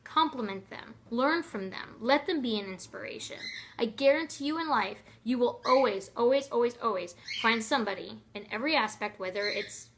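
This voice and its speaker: A young woman vlogger talks to camera in an earnest, expressive way, slipping in fillers and restarting her sentences. Her voice sits a little high and sounds bright and forceful. A faint hiss runs under the recording. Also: normal speed, hardly any pauses. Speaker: motivational vlogger. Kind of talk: casual motivational talk to camera.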